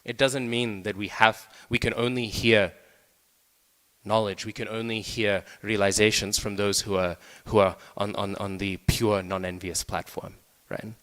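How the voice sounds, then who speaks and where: A man's voice: fairly low pitch, steady tone, a little slow, fairly bright tone. A man giving a scripture class in a conversational way, often checking in with the listeners. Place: temple hall. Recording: long reverb of a temple hall.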